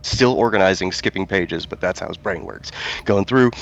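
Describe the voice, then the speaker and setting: A man with a Texan accent narrates his moves in a tabletop role-playing game, laid-back and self-mocking. His voice sits fairly low and comes through slightly dull, lo-fi audio. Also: moderate pace, gravelly. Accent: Southern US, Texan. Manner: casual, self-mocking, laughs easily. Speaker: player.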